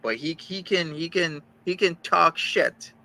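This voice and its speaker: A man's voice: on the high side, lively intonation, measured pace, vocal fry, sharp tone, low-quality recording. A man in a heated, profane rant, hurling insults and repeating his point. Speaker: streamer ranting about a rival.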